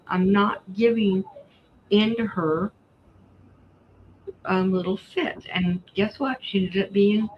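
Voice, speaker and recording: A middle-aged woman, chatting frankly and telling stories about her family. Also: medium pitch. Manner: frank, storytelling, blunt. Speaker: host. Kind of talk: casual chat while crafting. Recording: slightly dull stream audio, faint background noise.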